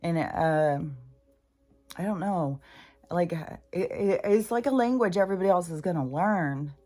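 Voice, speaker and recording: Older woman, low voice, rambling and profane. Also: a little slow, warm tone. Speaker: spiritual channeler. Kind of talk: casual monologue.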